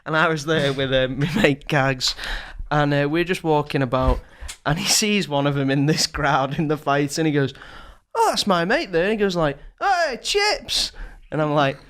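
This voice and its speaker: A man's voice: a little high, moderate pace, hardly any pauses, fairly bright tone, clear, resonant tone. A young man from northern England telling a comic story on a podcast, laughing often and acting out the people in it. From St Helens, England. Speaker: podcast co-host. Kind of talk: casual comedic storytelling.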